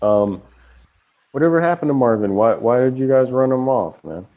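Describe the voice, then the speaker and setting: A young man chats over a dull, lo-fi online line, his voice rising and falling a lot as he tells a story. He swears freely and talks with animated, rambling energy. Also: medium pitch, moderate pace. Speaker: lobby chat regular. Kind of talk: casual chat.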